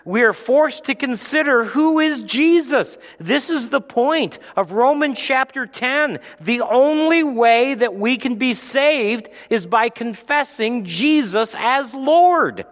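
A male pastor preaching with a high, lively voice that leaps and falls, moving between booming exclamations and hushed storytelling. He speaks slowly and deliberately. The sound carries a long hall reverb from a church sanctuary. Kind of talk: sermon.

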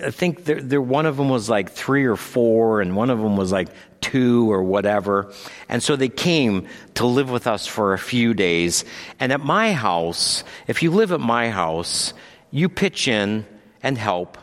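A pastor preaching a sermon, moving between calm storytelling and raised, emphatic points. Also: male voice, on the low side. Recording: long hall reverb.

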